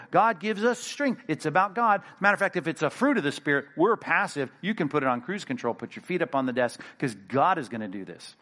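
A man preaching a sermon, animated and conversational, acting out little inner dialogues and dropping into low quiet asides. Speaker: pastor.

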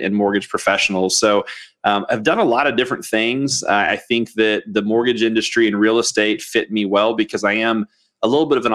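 A man appearing as a podcast guest, modest and relaxed, talking through his career with many small fillers. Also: on the low side. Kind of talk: casual podcast interview.

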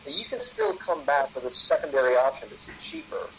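A man's voice: mid-range voice, a little fast, fairly bright tone, slight background noise, poor audio. A man guesting on a casual podcast, speaking assertively and brashly with a playful edge.

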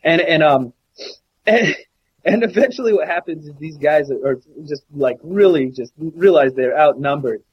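A man co-hosting a podcast, telling a story in casual chat, profane and animated with many restarts. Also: a little high, moderate pace, breathy edge, no echo, lo-fi sound. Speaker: podcast co-host.

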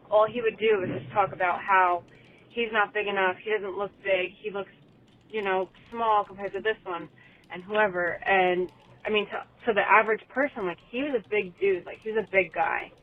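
A woman from New Jersey leaving a casual voicemail from her phone while driving. She talks in a chatty, rambling way full of fillers. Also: mid-range voice. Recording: tinny voicemail line with faint road noise.

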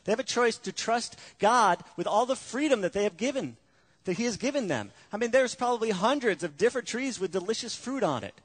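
A man's voice: high voice, lively intonation, brisk, husky. A male pastor preaching a sermon, earnest and emphatic, with frequent rhetorical questions.

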